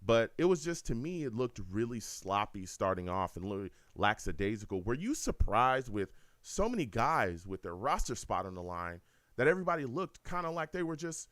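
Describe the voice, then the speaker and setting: A man's voice: mid-range voice, normal speed, dry recording. A man hosting a live call-in sports talk stream, talking in an emphatic way. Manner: animated, emphatic. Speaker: host.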